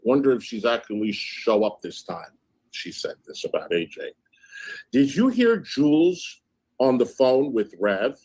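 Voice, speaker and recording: Brief: male livestream host, mid-pitched, indignant, reads texts aloud in a casual retelling. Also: very animated, a little slow, a little mellow, breathy edge.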